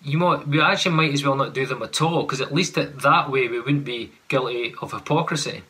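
A man's voice: mid-range voice, fairly quick, bright, forceful tone. A man preaching a sermon, earnest and full of rhetorical questions, at times acting out sarcastic paraphrases.

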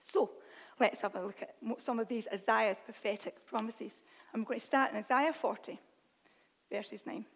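A woman preaching a sermon, reading scripture aloud with animated, self-deprecating asides. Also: on the high side, normal speed. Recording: long hall reverb.

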